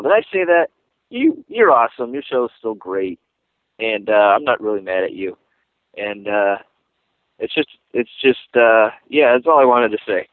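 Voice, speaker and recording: Man, voicemail caller, halting and rambling, tinny phone sound, dry. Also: medium pitch, sing-song, dry recording. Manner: halting, rambling, many restarts. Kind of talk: casual voicemail message.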